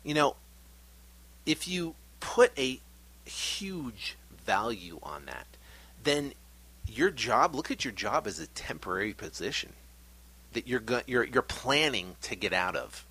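A middle-aged man hosting a podcast, giving an energetic, animated pep talk. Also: mid-range voice, slow, husky. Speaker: podcast host.

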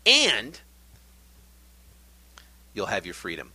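A middle-aged man hosting a podcast, giving an energetic, animated pep talk. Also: mid-range voice, measured pace, long pauses, breathy edge. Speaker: podcast host.

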